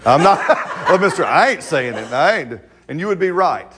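A man's voice: a little high, big pitch swings, moderate pace, noisy background. A man preaching a sermon in a conversational, playful way, acting out quotes and laughing along with the congregation.

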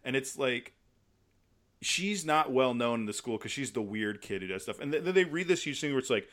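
A man co-hosting a podcast, telling stories in a rambling, animated way with lots of fillers. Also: mid-range voice, brisk. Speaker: podcast co-host. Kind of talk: casual chat.

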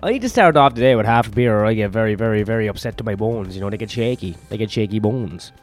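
A man's voice: on the low side, lively intonation, fast talker, soft background music. A worn-out man hosting a rambling solo podcast, crude and self-mocking, swearing constantly. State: tired, run-down. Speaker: comedian podcast host.

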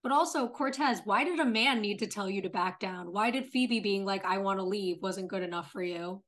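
A woman's voice: mid-range voice, normal speed, a bit bright. A woman co-hosting a podcast, recapping a TV episode in casual chat and swearing freely. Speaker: podcast co-host.

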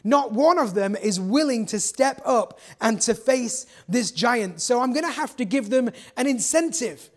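A weary, desperate king, voiced by a preacher who is trying to bribe his soldiers. His voice sits very high and he speaks in a tired, bargaining tone. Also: expressive, unhurried, few pauses.

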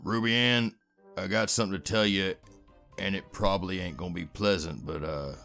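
A man voicing a blunt, plain-spoken warrior with a slow drawl. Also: low-pitched, steady tone, gravelly, sharp tone, soft background music, heavily acted. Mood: earnest.

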